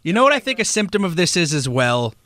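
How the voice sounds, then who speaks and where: A man's voice: sits high, big pitch swings, a bit bright, no room sound. A man co-hosting a radio show, chiming in with wry comments during casual banter. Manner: quick, wry.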